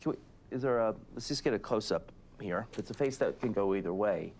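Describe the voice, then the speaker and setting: A middle-aged man hosting a comedic interview, asking awkward questions in a deadpan, halting manner. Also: on the low side, a little hiss or hum. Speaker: talk show host.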